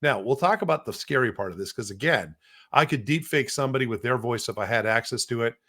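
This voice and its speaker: A middle-aged man hosts a casual podcast at an average pitch for a man. He rambles, repeats words and restarts his sentences as he explains what he is doing. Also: lively intonation, fast, sharp tone. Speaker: podcast host.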